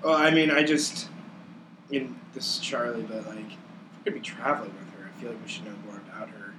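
A man's voice: mid-range voice, fairly even intonation, fast talker, background noise. A man playing in a tabletop game, talking in a playful, somewhat hesitant way. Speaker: player.

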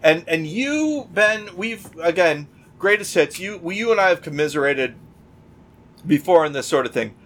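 Co-hosting a relaxed podcast conversation, a man shares work anecdotes animatedly, acting out what people said and often restarting. He sounds a little high and a bit bright, animated, at a moderate pace.

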